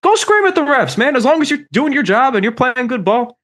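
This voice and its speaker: Young male podcast co-host, loud, profane, excitable debater. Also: very high-pitched, fairly quick. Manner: animated, ranting, swears often. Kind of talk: heated sports debate.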